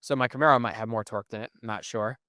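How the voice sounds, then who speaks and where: A man's voice: fairly low pitch, steady tone, very fast, sharp tone, dry recording, studio quality. A young man co-hosting a podcast, explaining things at length in casual chat and often asking "right?". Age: young adult. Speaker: podcast co-host. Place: museum.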